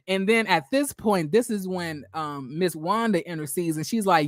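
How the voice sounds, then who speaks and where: Animated man recapping a reality show. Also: high-pitched, normal speed, few pauses, no echo, studio quality. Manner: animated, chatty, acts out quotes. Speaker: YouTube commentator.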